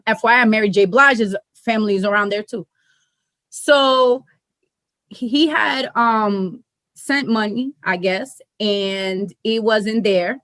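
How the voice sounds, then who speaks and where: A young woman, co-hosting a podcast and telling stories in an animated, profane way with frequent laughter. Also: mid-range voice, slow pace, no room sound. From New York. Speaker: podcast co-host. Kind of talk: casual chat, storytelling.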